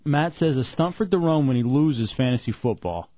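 A man's voice: mid-range voice, animated, normal speed, mellow, dry recording, dull audio. A man hosting a radio talk show, teasing his co-hosts and laughing often. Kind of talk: casual radio banter.

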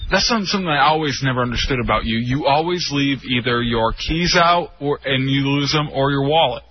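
A man's voice: medium pitch, a little fast, slight background noise. Blunt young man co-hosting radio. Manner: blunt, teasing, matter-of-fact. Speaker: radio co-host. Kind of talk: casual radio chat. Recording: dull lo-fi radio sound.

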